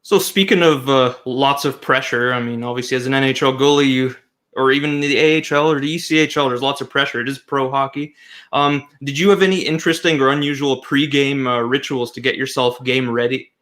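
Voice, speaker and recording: Male interview host, mid-pitched voice. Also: steady tone, brisk, a bit bright. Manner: encouraging, frequent short acknowledgements, then long questions. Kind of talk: casual interview.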